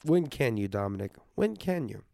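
A sick, congested young man hosts his podcast in a casual comedic monologue, rambling, joking and swearing plenty. His mid-range voice is creaky and mellow with big pitch swings at a normal speed, recorded dry with clean studio sound.

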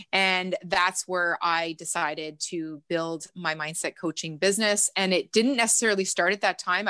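A woman who is a mindset coach, talking as a guest on a podcast in a lively storytelling way, laughing often. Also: on the low side, dry recording. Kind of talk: casual podcast interview.

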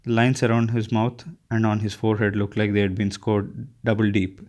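Low-voiced man reading a novel. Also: level tone, moderate pace, darkish tone. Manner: unpolished reading with frequent restarts. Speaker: audiobook reader. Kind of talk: first-person novel reading.

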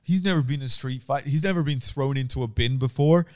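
A man's voice: medium pitch, quick pace, a little mellow. A young man co-hosting a podcast, chatting casually and swearing freely as he tells stories. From Australia. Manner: profane, laid-back storytelling. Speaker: podcast co-host. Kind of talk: casual chat.

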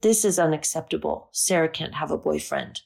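Storybook role: woman reader doing a gruff Slavic-accented mother, guttural, gravelly, blunt. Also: normal speed, darkish tone. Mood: stern. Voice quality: guttural, deep. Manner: blunt and suspicious. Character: stern worried mother with a thick Slavic accent.

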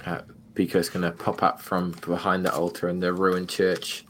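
A man playing a tabletop game, calmly describing what his character does. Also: deep voice, moderate pace, a little hiss or hum. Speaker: player.

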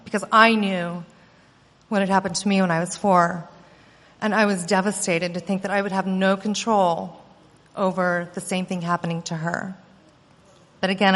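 A woman's voice: medium pitch, fairly even intonation, moderate pace, fairly bright tone. A woman, a mother, earnestly recounting a personal experience, often acting out quoted dialogue. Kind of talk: personal storytelling. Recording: long hall reverb.

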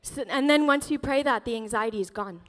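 A woman pastor preaching a sermon in a church, emotional and animated, laughing often as she tells stories. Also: a little high, brisk, long reverb tail. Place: church sanctuary.

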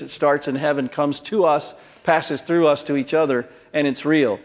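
Animated storytelling pastor in a reverberant hall. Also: male voice, on the high side, normal speed, few pauses. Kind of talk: sermon with storytelling.

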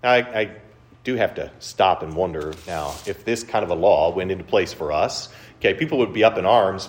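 A man preaching a conversational sermon, retelling a story with animated storytelling and frequent rhetorical questions. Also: low-pitched, brisk. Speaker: pastor.

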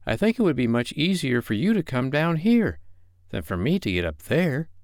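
A man's voice: sing-song, moderate pace, a little mellow, no room sound, studio quality. A man voicing a small, curious young male mouse who is stubborn and eager. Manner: high and eager, sure of himself.

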